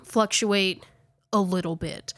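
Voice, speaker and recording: A woman's voice: mid-range voice, fairly even intonation, slow pace, a bit bright, no echo. A woman host chatting casually, recapping a video with lots of fillers and self-corrections, a little out of breath. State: slightly out of breath. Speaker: podcast host. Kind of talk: casual chat recapping a ghost-hunting video.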